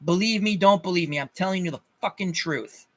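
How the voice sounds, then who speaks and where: A channel host with a fairly quick, high voice rants angrily at his viewers. His monologue is profane, and he often repeats himself and restarts sentences.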